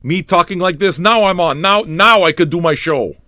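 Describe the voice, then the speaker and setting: A man with a high, sharp-toned voice hosts a live music stream show as a radio host, rambling at a moderate pace and swearing in playful exasperation during casual livestream chat. There is no room sound in the recording.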